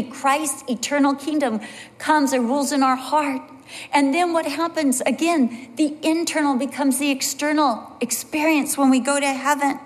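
A woman preaching a sermon, telling personal stories in an animated way and dropping to a low, soft voice for emphasis. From California. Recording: long hall reverb.

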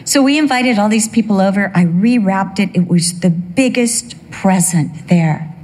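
A woman's voice: mid-range voice, measured pace, a little mellow. An older woman telling a humorous personal story that turns into a sermon, acting out the voices she quotes. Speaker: speaker giving a testimony.

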